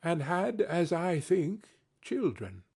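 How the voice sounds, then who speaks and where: A gentle, solemn spirit from a storybook reading speaks in a low, measured way, as a man puts it on. The voice is slightly husky, and the pace is unhurried. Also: sing-song, full character voice. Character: gentle solemn ghost of Christmas Past, spirit.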